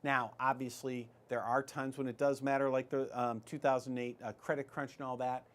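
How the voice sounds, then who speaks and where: A financial advice show host talks about retirement investing in a chatty, rambling way, with many fillers and restarts. His mid-range voice is flat at a normal speed.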